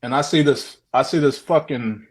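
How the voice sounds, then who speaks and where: A man's voice: medium pitch, moderate pace. A man recounts a strange sighting in a loose, casual way. He swears freely, repeats himself, and jumps into the voices of the people in his story. He is heard over a video call. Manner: profane, repetitive, animated retelling. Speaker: guest sharing a sighting.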